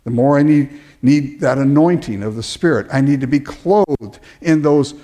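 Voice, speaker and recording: A man preaching a sermon as pastor, animated, often restarting words and acting out the people he quotes. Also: mid-range voice, normal speed.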